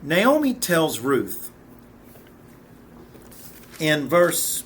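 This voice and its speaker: A man's voice: on the high side, wildly swooping pitch, very slow, a bit bright, slight background noise. A man in his fifties teaching a Bible study in an earnest, conversational way, often restarting and repeating words. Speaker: Sunday school teacher.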